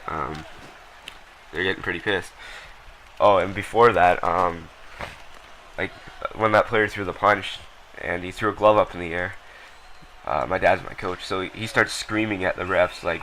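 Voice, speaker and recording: Low-voiced young man rambling over gameplay. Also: fairly even intonation, normal speed, bright, forceful tone, slight background noise, rough recording. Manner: rambling, lots of ums and uhs, blunt and profane. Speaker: gameplay commentator. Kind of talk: casual gameplay commentary.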